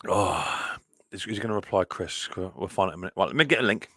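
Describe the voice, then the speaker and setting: A man's voice: low voice, expressive, fast, bright, forceful tone, dry recording. A middle-aged man hosting a live stream from home, chatting cheerfully with viewers and reading their comments aloud. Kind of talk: casual live stream chat.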